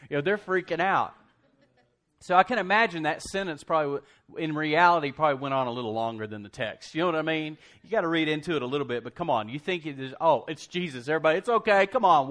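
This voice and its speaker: A man's voice: fairly high pitch, brisk, a bit bright. A male pastor preaching in a conversational, joking way, full of asides and restarts as he tells a Bible story. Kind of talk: conversational sermon.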